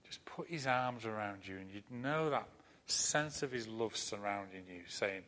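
Earnest guy preaching a sermon, bright clear voice, goes soft and gentle at times. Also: lowish voice, expressive, a little slow. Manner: earnest, repeats phrases, drops to soft comforting tones. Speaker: pastor.

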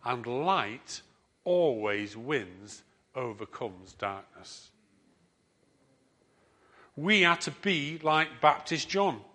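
A man preaching a sermon as pastor, telling stories with emphatic rises and soft, trailing endings. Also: mid-range voice, very animated, very slow, pauses often.

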